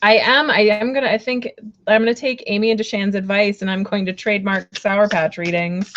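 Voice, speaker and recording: A woman's voice: medium pitch, fairly even intonation, a little fast, a bit bright, highs cut off, a little hiss or hum. A woman giving casual card readings on a live stream, rambling with lots of fillers, laughing and apologizing often.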